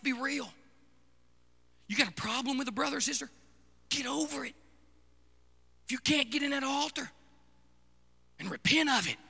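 A male preacher delivering a fervent sermon, swinging from shouted exhortation to hushed, intimate asides. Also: extremely high pitch, gravelly, breathy edge, big-room sound.

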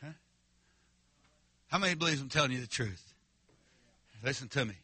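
A man's voice: mid-range voice, expressive, normal speed, sharp tone, husky, no echo. A male preacher, telling a story in a revival sermon in a folksy, emphatic way and calling out to the congregation.

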